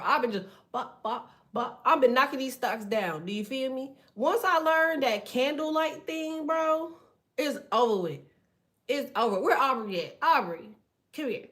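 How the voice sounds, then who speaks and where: A middle-aged woman with a fairly high voice talks to viewers as a card reader. She's chatty and informal, telling colorful stories in slang and laughing often.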